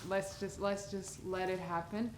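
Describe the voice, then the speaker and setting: A woman's voice: mid-range voice, measured pace, background noise. A woman from Portugal, a guest singer, chatting casually and reflectively while cooking, laughing easily. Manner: relaxed, reflective, laughs often. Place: home kitchen. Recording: echoey kitchen, faint sizzling.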